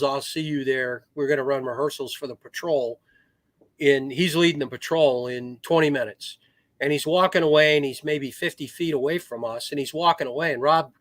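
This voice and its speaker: A middle-aged man talks through long military anecdotes with plenty of restarts and acted-out quotes. His voice sits a bit high for a man. The sound is very dry and close, with no room around it. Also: a little fast, fairly bright tone, no room sound. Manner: rambling war stories with restarts, acts out quoted voices. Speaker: podcast guest, retired Marine officer. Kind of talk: casual storytelling.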